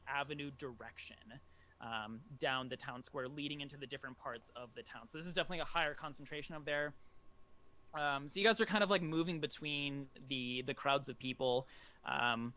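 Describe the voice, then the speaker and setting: A man narrating a tabletop game as game master, often pausing with ums and restarting his sentences. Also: fairly high pitch, sharp tone. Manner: halting, lots of ums and restarts.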